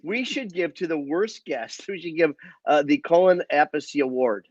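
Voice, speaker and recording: A man's voice: a little high, animated, normal speed, dry recording, lo-fi sound. An older man hosting a casual chat, asking easygoing questions with lots of fillers. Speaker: host.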